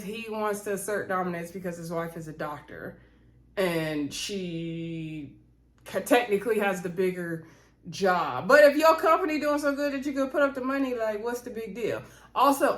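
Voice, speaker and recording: A woman recapping a reality show in a sassy, animated way, acting out the quoted lines. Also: a little high, reverberant. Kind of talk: casual recap chat.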